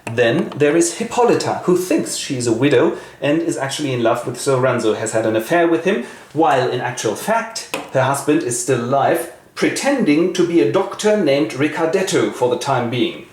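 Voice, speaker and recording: A man's voice: mid-range voice, animated, moderate pace, darkish tone. A man narrating a play summary as host, with dry, ironic asides. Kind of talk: wry scripted literary retelling. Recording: echoey room, faint hiss.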